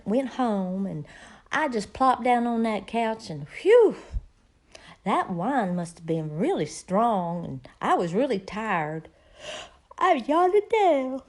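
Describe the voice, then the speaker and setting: Middle-aged woman, slightly high voice, folksy rambling storyteller. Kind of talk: casual comedic storytelling monologue.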